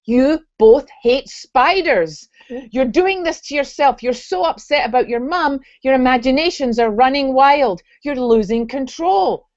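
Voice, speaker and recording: A woman reading aloud in a Scottish accent, voicing an urgent boy trying to calm frightened twins. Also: high-pitched, measured pace, no room sound, dull audio, pitched above the performer's own voice. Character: Zach, a boy calming scared twins.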